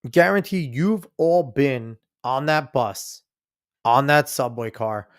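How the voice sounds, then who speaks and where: A man's voice: medium pitch, expressive, slow pace, clean tone. A man hosting a podcast, giving blunt, profane, casual commentary on a news clip he plays for listeners. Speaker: podcast host.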